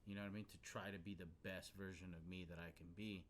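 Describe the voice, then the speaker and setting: A man with a lowish, bright voice tells his story in a loose, unhurried way. He talks casually, piles on fillers and curses now and then. A faint rumble sits under the recording. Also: flat delivery. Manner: laid-back, heavy on fillers like "you know what I mean", swears casually. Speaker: podcast host. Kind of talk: casual storytelling in a men's talk circle.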